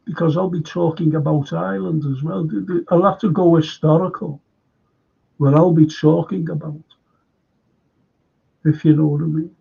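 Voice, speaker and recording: Gravelly Liverpool man chatting on a stream. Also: fairly high pitch, fairly even intonation, moderate pace, pauses often. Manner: rambling anecdotes with repeated restarts. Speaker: host of a live fan stream. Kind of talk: casual chat reading viewer comments. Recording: dull lo-fi stream audio.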